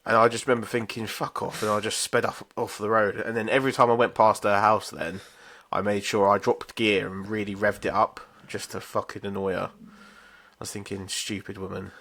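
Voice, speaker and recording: A man's voice: on the low side, little pitch movement, fairly quick, fairly bright tone. A man, a podcast co-host telling stories in casual chat, blunt and sweary.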